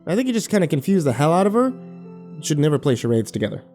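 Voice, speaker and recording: Wry male horror narrator, animated delivery, lively pitch. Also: fast talker, faint music behind. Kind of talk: first-person horror story narration.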